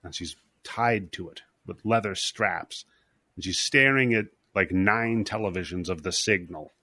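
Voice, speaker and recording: A man's voice: deep voice, sharp tone, no echo. A man hosting a casual podcast, rambling and swearing as he recaps a movie scene by scene and acts out the lines. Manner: rambling, profane, acts out scenes in quick voices. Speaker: podcast host.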